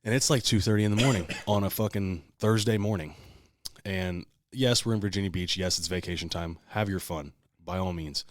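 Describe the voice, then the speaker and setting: A man's voice: low-pitched, fairly quick, no room sound. A man co-hosting a podcast, telling a long story in casual, profane, heated talk. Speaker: podcast co-host.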